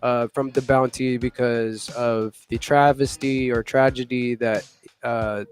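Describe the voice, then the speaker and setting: A man's voice: mid-range voice, little pitch movement, unhurried, clear, resonant tone. A man hosting a casual live news chat, rambling with lots of fillers and laughing now and then. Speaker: morning show host.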